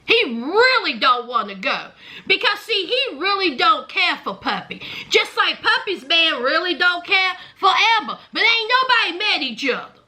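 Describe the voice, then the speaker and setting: A woman's voice: very high voice, very animated, normal speed, pushed and bright. A woman giving a casual, sassy recap of a reality show, chatty and laughing often as she tells it.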